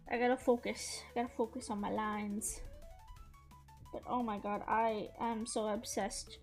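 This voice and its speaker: A woman streamer chatting casually while she draws, gushing like an excited fan, laughing often and swearing freely. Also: on the high side, slow pace, pauses often, soft background music. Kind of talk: casual chat while drawing.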